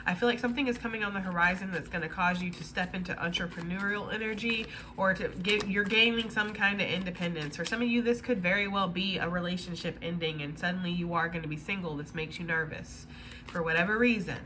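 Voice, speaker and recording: A woman's voice: fairly low pitch, fast talker, sharp tone, a little hiss or hum. A woman giving a casual tarot reading, chatty and blunt, swearing freely as she talks through the cards. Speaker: tarot reader.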